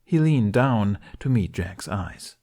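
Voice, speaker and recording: A man with a lowish voice reads a story aloud at an unhurried, even pace. His narration is calm and steady. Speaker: podfic reader. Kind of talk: story reading.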